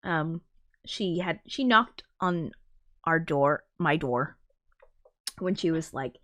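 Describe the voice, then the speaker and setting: A woman's voice: low-pitched, lively intonation, takes it slowly, a bit bright. A woman musician chatting casually to viewers on her live stream, rambling with lots of fillers and swearing and reading out viewer comments. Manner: reads viewer comments aloud.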